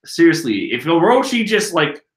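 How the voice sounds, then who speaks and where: Animated, joking man reading manga aloud. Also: on the high side, normal speed. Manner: animated, profane, joking, swinging between mumbling and shouting. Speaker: manga reader and commentator. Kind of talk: comedic manga reading commentary. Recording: roomy echo.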